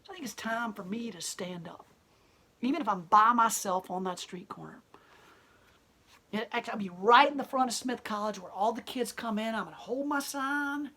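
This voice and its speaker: Husky-voiced blunt, defiant woman. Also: a little high, expressive, normal speed, bright, forceful tone. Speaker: gallery owner and protester. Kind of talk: impassioned interview monologue.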